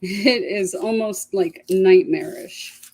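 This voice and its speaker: A woman's voice: mid-range voice, slow, warm tone. A woman co-hosting a craft chat, talking through her work and giving tips as she goes. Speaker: craft show co-host. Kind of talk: casual chat while crafting.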